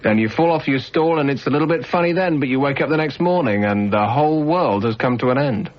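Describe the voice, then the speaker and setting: A man's voice: medium pitch, expressive, fast. A man from the UK hosting a late-night radio phone-in, talking in a wry, teasing, rambling way. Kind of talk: casual radio phone-in chat. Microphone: studio microphone. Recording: dull 1990s radio broadcast with faint hiss.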